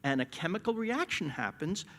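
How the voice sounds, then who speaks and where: Man guest, high voice with a big swooping range, tells stories with a laugh, self-mocking, live on stage. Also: very animated, normal speed, sharp tone. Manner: laughs often while telling stories, playful self-mockery. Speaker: guest at a live talk event. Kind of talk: animated anecdotal storytelling. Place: stage event in front of an audience.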